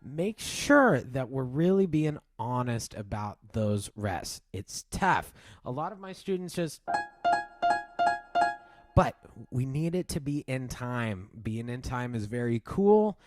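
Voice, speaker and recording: A man's voice: medium pitch, big pitch swings, slow. A man teaching piano, explaining a piece and counting the swing rhythm aloud as he plays. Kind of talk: piano tutorial. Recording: loud piano music behind. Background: piano playing.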